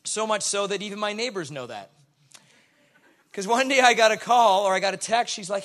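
A man's voice: high voice, expressive, a little fast, a bit bright. A middle-aged man, a pastor preaching a sermon full of chatty, self-deprecating stories.

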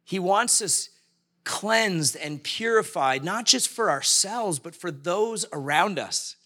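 A man in middle age delivers a sermon in a chatty, storytelling manner, acting out what people said. His voice sits a little high and sounds bright and forward. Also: lively intonation, takes it slowly. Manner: conversational preaching, acts out quoted voices. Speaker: pastor.

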